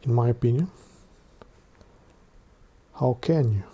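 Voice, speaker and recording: A man hosting a live stream and commenting on a video, halting with many fillers and restarts, mocking the people in it. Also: mid-range voice, dark tone, a little hiss or hum. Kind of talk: casual commentary.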